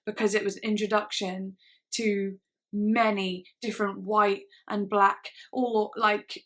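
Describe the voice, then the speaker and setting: A woman's voice: mid-range voice, pushed and bright. Earnest rambling young woman vlogger. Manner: earnest, rambling, frequent "like" and restarts. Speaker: YouTube reaction vlogger. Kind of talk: casual talk to camera.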